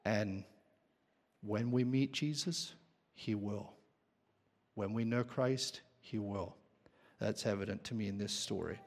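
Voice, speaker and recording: Male preacher, slow deliberate delivery, questions the pews, long reverb of a church hall. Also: medium pitch, darkish tone. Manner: questions the congregation. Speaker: pastor. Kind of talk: sermon.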